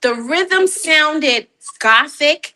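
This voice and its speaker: A woman, a guest artist chatting in an interview, animated and laughing often, repeating words as she talks. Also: high-pitched, very slow. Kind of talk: casual interview chat.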